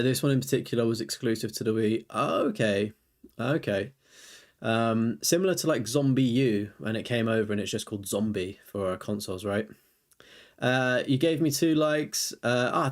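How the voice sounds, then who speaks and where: Man, young adult, casual stream talk, rambling, middle-pitched voice. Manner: chatty, rambling, greets and answers live chat. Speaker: streamer reviewing viewers' trophy lists. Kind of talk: casual live-stream chat.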